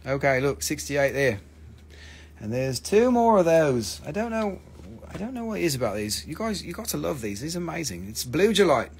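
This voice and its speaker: With a slightly high, sing-song, somewhat rough voice at a moderate pace, a man sells minerals on a casual live stream using a phone mic. He keeps it loose and jokey, cursing now and then while spelling out stone names.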